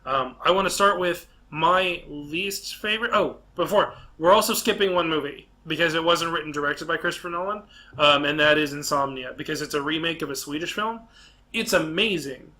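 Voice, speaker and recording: Bright-voiced young man rambling excitedly. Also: fairly high pitch, a little fast. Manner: rambling, restarts often, enthusiastic film fan. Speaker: podcast host. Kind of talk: casual chat.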